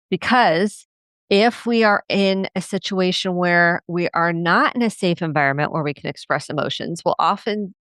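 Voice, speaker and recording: In a clean, studio-quality recording with no room sound, a middle-aged woman who works as a family therapist hosts a solo podcast. She speaks earnestly and reflectively about family life, slipping into a higher voice to act out quoted parents.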